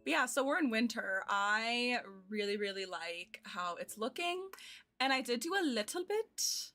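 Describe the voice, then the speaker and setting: An American woman in her twenties streams a game, chatting casually and giggling while thinking aloud. Her voice is a little high, expressive and a little slow. Soft game music plays behind her.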